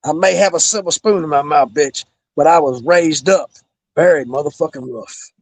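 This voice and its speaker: A man's voice: fairly high pitch, normal speed, a little mellow, dry recording. A man, a former pro wrestler, delivering a heated, profane, menacing promo-style rant as a podcast guest. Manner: menacing, profane, repeats "bro".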